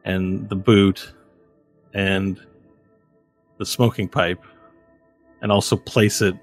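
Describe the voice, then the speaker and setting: Low-voiced guy game-mastering, rambly descriptive narration, faint music behind. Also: steady tone, slow pace. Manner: descriptive, meandering, many fillers.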